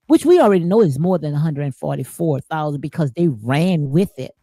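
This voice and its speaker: A woman's voice: deep voice, lively intonation, fairly quick, hardly any pauses, mellow, no echo, soft background music. A woman giving impassioned spiritual commentary, preachy and emphatic, repeating phrases for emphasis. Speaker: commentary host.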